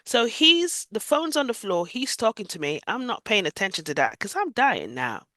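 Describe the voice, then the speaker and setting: A woman's voice: medium pitch, very animated, normal speed, sharp tone, no room sound. A woman from Jamaica, giving a vivid, emotional retelling of her own story as an interview guest. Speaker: guest sharing a near-death experience.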